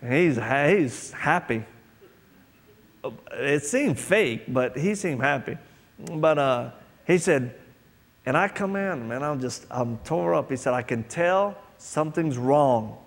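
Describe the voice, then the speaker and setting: Speaking slowly in a slightly high, expressive voice, a man preaches a sermon built around a personal story. He performs the voices of the people he quotes, and the sound echoes through a hall with long reverb.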